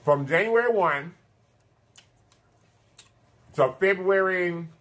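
A thirty-year-old man chats to his viewers while he eats, humming between bites. His voice sits a little high and swings widely in pitch. He drops in honey and baby as he talks. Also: animated, a bit bright. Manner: chatty, drawn-out "honey" and "baby" asides, hums while eating. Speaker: mukbang host. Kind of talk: casual eating-show chat.

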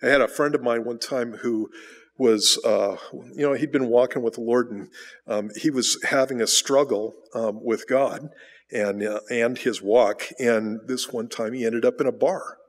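A man preaching a sermon at a mid-range pitch, talking conversationally and putting rhetorical questions to the congregation. He often repeats a word while rephrasing a thought. The church hall adds a long reverb to his voice. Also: steady tone, measured pace. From United States. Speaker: pastor. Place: church sanctuary.

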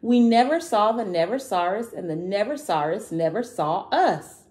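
A woman's voice: medium pitch, animated, normal speed, voice pushed up, natural voice. A woman doing a grumpy little boy dinosaur. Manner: shouting, huffy. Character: small grumpy boy dinosaur hunting monsters.

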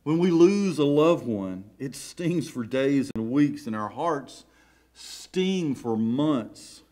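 A man's voice: medium pitch, animated, takes it slowly, dark tone. A middle-aged man with a Southern US accent, preaching a sermon in a church sanctuary with emotional, emphatic swells. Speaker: pastor.

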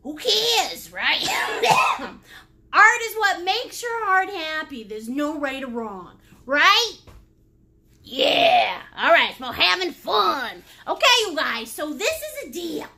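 A silly, joking woman leads a live painting session and greets viewers by name. Her voice sits very high and bright, with wide, lively swings in pitch. She takes her time, drawing out her words. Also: takes it slowly, gravelly. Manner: animated, breaks into laughs and silly sounds. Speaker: painting instructor and livestream host. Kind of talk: lively livestream painting class.

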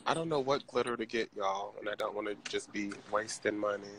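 A man's voice: lowish voice, fairly quick, fairly bright tone, a little hiss or hum. Sassy man livestreaming from a craft store. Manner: chatty, sassy, addresses viewers as y'all. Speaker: drag performer livestreaming. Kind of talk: casual live-stream chat. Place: indoors in a large craft store.

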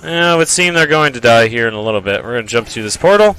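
A man casually commentating his own gameplay, rambling, joking and trash-talking the enemies, often repeating phrases in a drawn-out voice. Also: medium pitch, lively intonation, a bit bright, slight background noise. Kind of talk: casual let's-play commentary.

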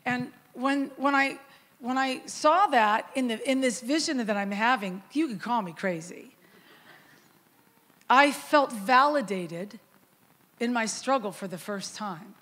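A middle-aged woman, a guest worship leader, preaching in a relaxed storytelling way and acting out dialogue in a softer, lower voice. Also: measured pace, long reverb tail. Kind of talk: storytelling sermon.

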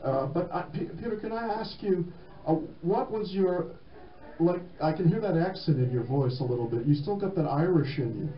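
A man's voice: fairly high pitch, normal speed, reverberant, dull audio, a little hiss or hum. A man hosting a community radio show, talking casually and loosely with fillers. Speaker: radio host.

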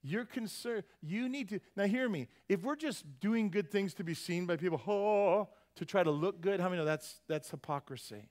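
Male pastor, American accent, high-pitched, chatty sermon delivery with frequent questions to the crowd. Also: moderate pace, hardly any pauses. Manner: animated, conversational preaching with rhetorical questions.

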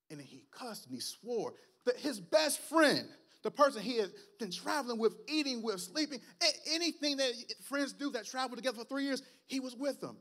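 A man, preaching a sermon and telling his own story in an animated way. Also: very high-pitched, fairly quick. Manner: animated, storytelling, rising to shouts at climaxes. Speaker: guest preacher. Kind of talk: sermon with personal testimony.

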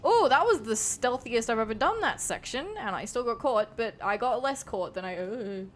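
A woman's voice: a little high, lively intonation, normal speed, slight background noise. An Australian woman giving dramatic, exasperated let's-play commentary as a gaming streamer, swearing often.

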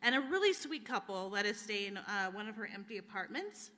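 A woman's voice: medium pitch, very animated, a little fast, sharp tone. An American woman, a guest speaker, telling her personal testimony in a church service, candid and emotional with frequent fillers. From USA. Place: church hall, live-streamed service. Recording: echoey church hall.

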